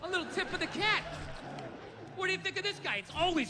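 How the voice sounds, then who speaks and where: High-voiced ranting stand-up comedian. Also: male voice, expressive, racing, in a large hall, background noise. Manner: profane, incredulous ranting. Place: comedy club stage.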